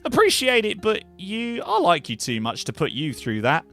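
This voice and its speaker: A man voicing a weary, polite woman mage and potion brewer in a higher put-on voice with a questionable accent, chatty and dry. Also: huge pitch swings, normal speed, pushed and bright, full character voice. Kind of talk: voicing characters in a cozy narrative game.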